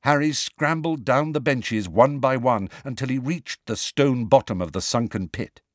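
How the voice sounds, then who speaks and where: A man narrating a storybook in a hushed, suspenseful way. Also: mid-range voice, moderate pace, no echo, clean studio sound. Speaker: audiobook narrator.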